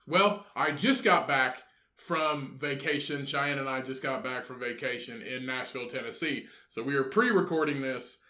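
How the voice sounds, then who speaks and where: Man, podcast co-host, bright tone, rambling profane chat, echoey room. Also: medium pitch, normal speed. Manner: rambling, profane, laughs often. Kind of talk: casual chat.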